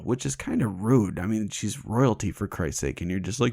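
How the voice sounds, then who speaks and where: Low-voiced podcast guy, joking around and cussing, dead dry close mic. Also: normal speed, creaky, warm tone, breathy edge, no echo. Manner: irreverent and jokey, swears freely. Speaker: podcast host. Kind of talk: casual storytelling chat.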